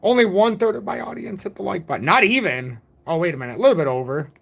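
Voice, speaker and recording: A man's voice: high-pitched, lively intonation, fast talker, creaky, fairly bright tone, husky. A man in his forties hosting a casual crypto livestream, rambling and joking at his own expense. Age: 40s. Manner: rambling, jokey, self-deprecating. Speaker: crypto channel host.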